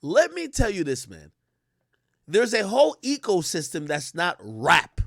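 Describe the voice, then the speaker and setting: A man's voice: high-pitched, measured pace, gravelly, no echo, clean studio sound. A man streaming live, ranting casually in a profane, storytelling way. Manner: animated, profane, storytelling with quoted voices. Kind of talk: casual livestream rant.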